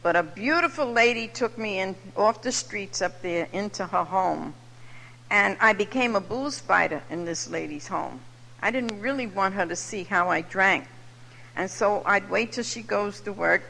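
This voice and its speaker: A woman, telling her own story at a recovery meeting with lively comic timing. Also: medium pitch, gravelly. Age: 70s. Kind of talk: personal testimony to a live audience. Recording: echoey hall from far off.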